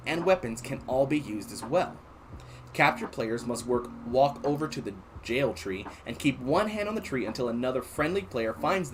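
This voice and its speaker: A man streaming casually, reading an interactive story aloud and chatting to his viewers in an animated way. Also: mid-range voice, slight background noise. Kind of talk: casual livestream read-aloud.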